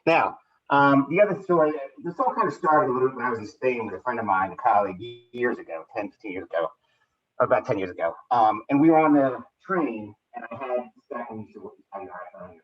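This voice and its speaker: A man tells personal stories to a seminar audience in a loose, conversational way, often restarting his sentences. His voice sits in a middle pitch and is picked up from a distance, with a dull, lo-fi sound. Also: lively intonation, brisk. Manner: conversational, with frequent restarts and "you know". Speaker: seminar presenter. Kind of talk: casual anecdotal storytelling.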